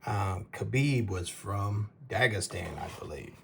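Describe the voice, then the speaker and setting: Brief: male host, unhurried and gravelly, casual rambling product reviewer. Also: on the low side, animated, background noise. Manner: rambling, halting, stumbles over names with laughs. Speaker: knife reviewer, show host.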